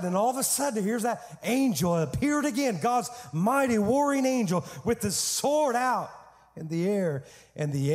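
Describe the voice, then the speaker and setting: A male pastor preaching a sermon, telling a story in an animated way with humor. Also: high-pitched, in a large hall.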